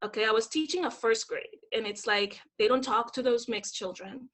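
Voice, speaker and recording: A woman in her thirties from the Dominican Republic talks as a podcast guest. She is lively and animated, and her voice is high and bright. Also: moderate pace. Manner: energetic, animated storyteller. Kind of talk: casual interview conversation.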